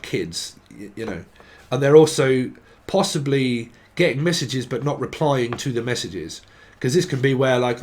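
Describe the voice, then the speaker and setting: Rambling, profane man. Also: medium pitch. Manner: rambling, profane, laughs often, mimics imagined people. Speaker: tarot reader. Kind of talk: casual tarot reading to camera.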